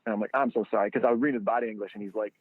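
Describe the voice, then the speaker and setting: A man telling a story as a guest on a podcast. He acts out the people he quotes with sudden high jumps in his voice. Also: fairly even intonation, racing, dry recording. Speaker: guest, training football founder. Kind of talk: animated storytelling. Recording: dry, tinny phone-line sound.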